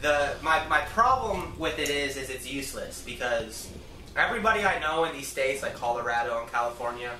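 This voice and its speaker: A man's voice: medium pitch, lively intonation, brisk, sharp tone. A man in an old video clip, ranting and mocking with imitations of others. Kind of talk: opinionated video monologue. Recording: roomy clip with crowd noise.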